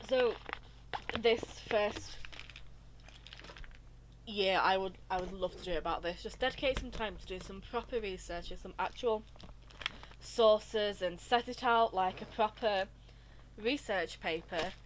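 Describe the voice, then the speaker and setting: A woman's voice: medium pitch, measured pace, long pauses, a little hiss or hum. A woman streaming a game, chatting casually in a gushing, rambling way. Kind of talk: casual live-stream chat over gameplay.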